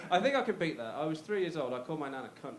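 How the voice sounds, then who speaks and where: A Black Country man in his thirties, from the West Midlands of England, performs live stand-up in a comedy club, chatty, self-mocking and bantering with the crowd. His slightly high voice is very animated and racing. The roomy club recording has a noisy background.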